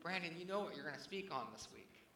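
A man's voice: fairly high pitch, lively intonation, fast talker, background noise. A man in his thirties preaching a sermon with earnest energy, rising to emphatic peaks and falling to near whispers. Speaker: pastor. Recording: echoey hall with long reverb.

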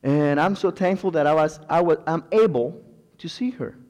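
A man's voice: a little high, normal speed, a little mellow. Fervent preacher man in a reverberant hall. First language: not English. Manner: fervent, repetitive thanks, calls of amen. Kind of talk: sermon.

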